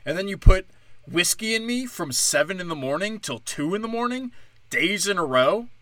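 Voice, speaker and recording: Young man, sarcastic and swearing, high-ish forceful voice, dry close sound. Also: lively intonation, normal speed, no echo. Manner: angry, sarcastic, heavy swearing. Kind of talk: profane ranting monologue.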